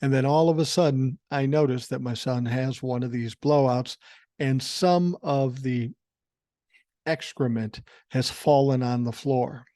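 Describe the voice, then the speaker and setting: A man's voice: medium pitch, a little slow, dark tone, no room sound, clean studio sound. Blunt, wry older man. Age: 60s. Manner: blunt, profane, wry anecdotes. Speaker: podcast host. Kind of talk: casual storytelling. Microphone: podcast microphone.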